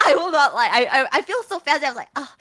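A woman co-hosting a podcast in casual chat, excitable, laughing and prone to loud outbursts. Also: high-pitched, fast talker. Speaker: podcast co-host.

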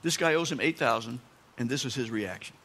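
A pastor preaching a sermon, telling the story with animated asides and dramatic emphasis. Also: male voice, mid-range voice, a little fast, breathy edge. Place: church sanctuary. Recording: long church-hall reverb.

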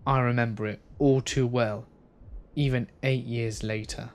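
Male horror narrator, slow subdued read, mid pitch. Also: fairly even intonation, slight background noise. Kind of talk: scripted narration of horror stories.

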